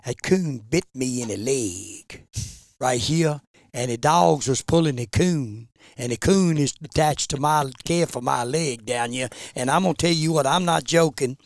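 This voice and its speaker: Gravelly older man telling a folksy tale. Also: medium pitch, a little slow, no echo, studio quality. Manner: folksy, rural turns of speech. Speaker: podcast guest. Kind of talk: casual storytelling.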